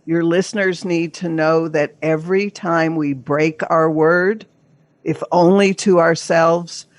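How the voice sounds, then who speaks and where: A woman's voice: deep voice, steady tone, slow, dry recording. An older woman, a therapist and coach, speaking as a podcast guest in an earnest, emphatic coaching tone, sometimes acting out inner voices. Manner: acts out inner voices in quotes. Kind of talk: podcast interview.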